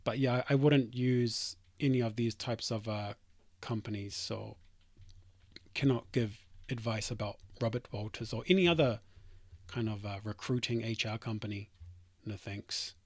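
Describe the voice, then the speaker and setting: A man's voice: lowish voice, normal speed, dry recording. A developer streamer talking casually to his chat, reading comments aloud with dismissive, rambling asides.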